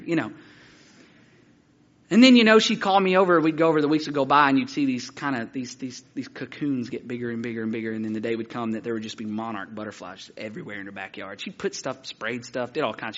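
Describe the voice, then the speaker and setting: A man preaching a sermon, telling stories in an animated, excited and halting way. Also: medium pitch, muffled recording. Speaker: pastor.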